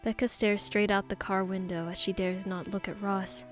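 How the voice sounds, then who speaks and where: A woman's voice: medium pitch, level tone, normal speed, over music. Woman narrating an audiobook story.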